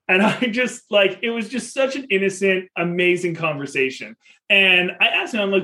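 With a high voice and a slightly fast pace, a thirtysomething father spins a story on his podcast. He keeps it casual and lively, laughing a lot along the way.

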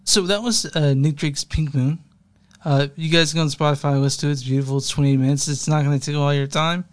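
A man's voice: on the high side, steady tone, fast talker. A young man co-hosting a music podcast, rambling casually, laughing often and swearing offhand. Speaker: podcast co-host.

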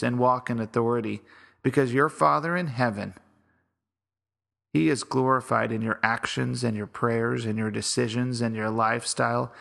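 A man's voice: mid-range voice, vocal fry, a bit bright. A man hosting a devotional podcast, teaching from the Bible in an earnest, exhorting way. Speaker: podcast host.

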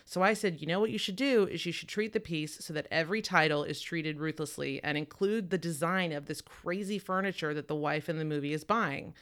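A woman's voice: deep voice, a little fast, few pauses, fairly bright tone. A woman hosting a casual podcast chat, talking enthusiastically and laughing as she retells stories. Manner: enthusiastic, laughs and quotes others. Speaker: podcast host.

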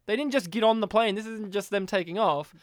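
A man's voice: high voice, a little fast, dry recording, studio quality. A man chatting casually about a movie, joking and laughing often as he tells his story. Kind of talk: casual movie commentary chat.

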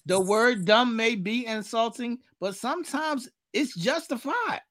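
A man's voice: very high voice, a little slow, a crowd in the background. A man co-hosting a podcast, blunt and profane, often laughing and exasperated in a casual debate. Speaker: podcast co-host.

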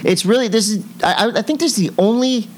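Brief: a middle-aged man with a slightly high voice, a quick-witted podcast co-host with faint noise behind him. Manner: jokey, teasing and quick-witted. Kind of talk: casual chat and ad reads.

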